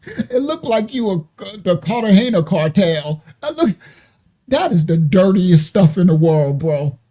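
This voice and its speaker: Man in his 50s, kinda high husky voice, mellow, rambles and backtracks as he tells it. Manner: emotional, rambling, restarts dates and details. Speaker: ministry show host. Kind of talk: casual personal storytelling.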